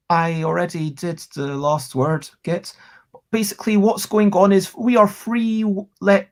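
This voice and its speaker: A streamer talks through a word game on a home live-stream. The pace is slow and easy, the pitch sits in a middle range, and the chat is friendly with sudden bursts of excitement. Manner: chatty, warm thanks to viewers, excitable bursts.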